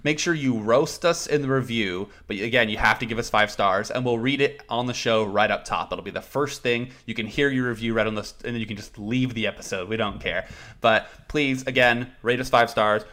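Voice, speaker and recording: A man's voice: mid-range voice, fairly quick, bright, forceful tone. Joking young man hosting a podcast. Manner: joking, self-mocking, rambling. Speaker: podcast host. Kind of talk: casual podcast chat.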